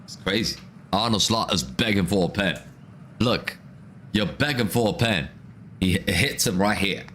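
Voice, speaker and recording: Excitable man ranting over football. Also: fairly low pitch, normal speed, slight background noise. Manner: excitable, ranting, repeats himself. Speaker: watch-along streamer. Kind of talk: live football reaction commentary.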